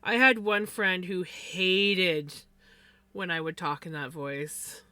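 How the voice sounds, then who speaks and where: A woman's voice: on the low side, fairly even intonation, slow pace, sharp tone, no echo. A woman hosting a livestream, chatting casually while she crafts. She rambles with many fillers. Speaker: livestream host.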